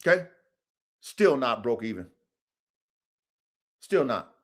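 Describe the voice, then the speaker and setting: A man hosting a podcast, giving a profane, preachy motivational monologue that swings from low mutters to shouts. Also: very animated, slow pace. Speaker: podcast host.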